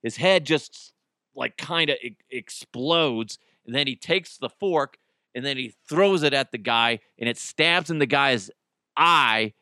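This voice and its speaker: A man's voice: mid-range voice, unhurried, sharp tone, smooth, dry recording, clean studio sound. A man hosting a podcast on his own, riffing casually with jokes and swearing. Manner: jokey, profane, riffing, reads live ad. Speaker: podcast host. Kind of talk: casual solo podcast talk.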